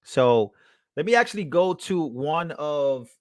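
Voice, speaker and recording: A man's voice: on the high side, expressive, measured pace, no echo. Male streamer, casual running commentary, repeats lines, dry close mic. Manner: casual, repetitive, reacts to clips. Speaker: livestream host.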